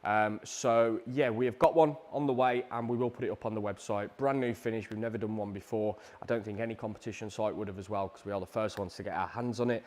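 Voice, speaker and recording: A British man hosting a live prize draw stream, chatty and energetic, with a salesy push and frequent ums. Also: lowish voice, fast, hardly any pauses. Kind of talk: upbeat live-stream announcements.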